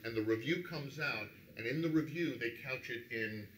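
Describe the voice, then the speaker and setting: Animated storytelling man, echoey room. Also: medium pitch, normal speed, slight background noise. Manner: animated anecdote teller, acts out quotes. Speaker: radio DJ guest. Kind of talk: dinner-table storytelling. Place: restaurant dining room.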